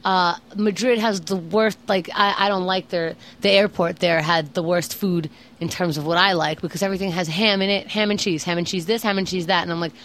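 A woman's voice: on the low side, fairly even intonation, fairly quick, hardly any pauses, fairly bright tone. A tired woman chatting casually, telling a travel story and quoting herself along the way. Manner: chatty, quotes herself in the story, blunt complaints. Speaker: co-host.

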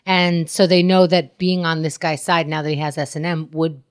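A woman talks in a somewhat low voice, co-hosting a podcast in relaxed chat. She is blunt and exasperated and swears easily. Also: normal speed. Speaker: podcast co-host. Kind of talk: casual chat.

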